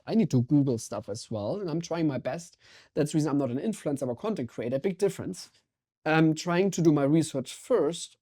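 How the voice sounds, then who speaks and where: A man with a German accent, a guest in a podcast interview, talking in an energetic, intense and emphatic way. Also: fairly high pitch. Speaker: guest, water sommelier.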